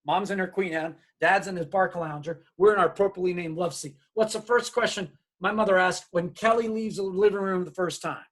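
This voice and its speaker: Animated man telling a story on stage. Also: high-pitched, brisk, hardly any pauses. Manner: animated, acts out his parents' voices. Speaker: diversity speaker. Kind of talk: storytelling keynote talk.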